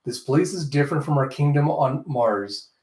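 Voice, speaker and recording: A man voicing a stern, blunt female bodyguard in a comic readthrough, speaking flatly and matter-of-factly. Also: fairly high pitch, moderate pace, lightly acted. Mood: grim. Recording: roomy echo.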